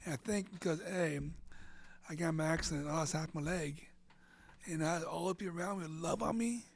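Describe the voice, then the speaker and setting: Gravelly higher-voiced man in his fifties. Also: a little fast. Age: 50s. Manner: animated, acts out quoted voices, repeats words. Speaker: interview guest. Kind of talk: emotional personal storytelling.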